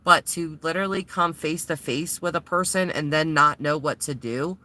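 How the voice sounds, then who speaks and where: A woman talks straight to her viewers in a loose, rambling vlog. Her voice is bright and a little tense, and she sounds shaken as she keeps stopping and restarting. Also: sits low, moderate pace. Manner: rambling and shaken, many fillers. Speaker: vlogger. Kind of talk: casual vlog retelling.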